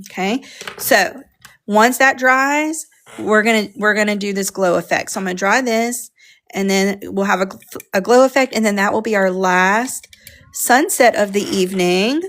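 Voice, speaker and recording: A woman's voice: medium pitch, normal speed, a bit bright. Chatty woman teaching coloring. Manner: chatty, talks to viewers while working. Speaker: art teacher on a live stream. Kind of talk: casual live coloring class.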